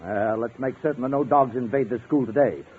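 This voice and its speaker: A man's voice: mid-range voice, a little fast, husky, close to an everyday voice. An actor playing a stern, pompous man school official in a 1950s radio comedy. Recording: tinny old radio broadcast with faint hiss.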